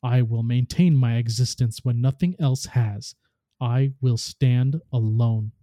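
Man reading as a boastful war goddess, slow and solemn, deep dark tone, dry. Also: no room sound, natural voice. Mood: grim, solemn. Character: ruthless female war god, boastful.

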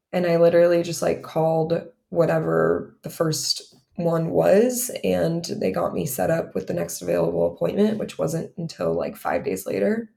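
A woman in her thirties tells her own story on a podcast, candid and rambling, stringing thoughts together with "like." Her voice sits low and carries a strong gravelly fry throughout. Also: expressive, moderate pace, dark tone. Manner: candid, run-on telling with many "like"s. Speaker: podcast co-host.

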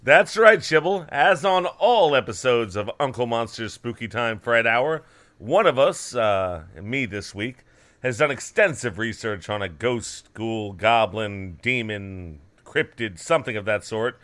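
A man with a mid-pitched, bright voice co-hosting a comedy podcast. He teases his partner, spins awkward personal stories, and laughs easily in loose banter. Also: expressive, unhurried. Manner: teasing, storytelling, laughs easily. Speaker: co-host.

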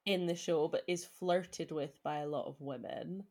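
A young woman co-hosting a podcast in casual chat, talkative and quick to laugh, often trailing off into filler words. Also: low-pitched, fairly even intonation, darkish tone. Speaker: podcast co-host.

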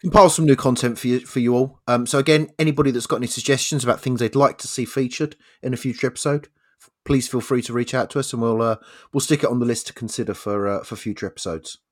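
A man's voice: medium pitch, fairly even intonation, fast talker. A man co-hosting a podcast in casual chat, teasing with dry humor. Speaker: podcast co-host.

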